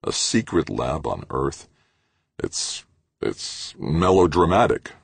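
A man's voice: very deep voice, sing-song, slow, creaky, breathy edge, no echo, exaggerated voice. A man voicing a blunt, skeptical male leader who talks in an incredulous way.

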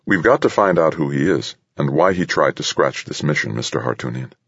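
A man's voice: a bass voice, lively intonation, a little fast, vocal fry, a bit bright, breathy edge, dry recording, highs cut off, full character voice. A man reading the lines of a stern, cool woman air force colonel in a clipped, insistent way, in a storybook recording.

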